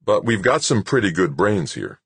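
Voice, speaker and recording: A man's voice: deep voice, big pitch swings, normal speed, gravelly, a bit bright, breathy edge, no room sound, voice pushed up, full character voice. A man voicing a tense male base commander who gives firm, clipped replies in an audiobook. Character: tense male moonbase chief.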